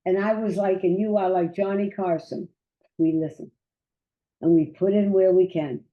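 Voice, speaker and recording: An older woman and great-grandmother chatting as a guest, a lively storyteller who repeats words as she goes. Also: on the low side, moderate pace, echoey room. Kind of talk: casual chat. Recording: dull lo-fi sound.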